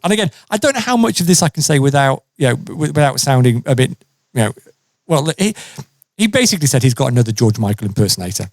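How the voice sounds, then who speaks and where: A man with a slightly high voice tells a funny story on a podcast, speaking fairly fast in a casual, animated way. He acts out the people in it and laughs often. The sound is clean studio quality with no echo.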